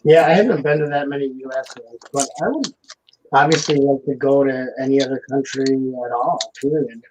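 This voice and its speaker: A man's voice: medium pitch, a little fast, a little mellow, a little hiss or hum, rough recording. A man hosting a live building stream, chatting casually and jokingly while reading out viewer comments.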